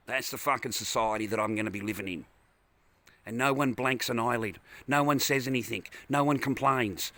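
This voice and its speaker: An Australian man in a parked car ranting into the camera. His voice is bright and forceful, and he swears constantly and repeats himself as he vents. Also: medium pitch. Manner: angry, profane, repetitive ranting. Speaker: vlogger. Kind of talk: angry ranting vlog.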